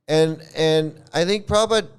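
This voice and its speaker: A man talks in a loose, rambling way, tripping over his words and restarting often. His slightly high, smooth voice carries a mocking edge. He laughs as he goes on a casual rant. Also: normal speed. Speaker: channel host, former devotee.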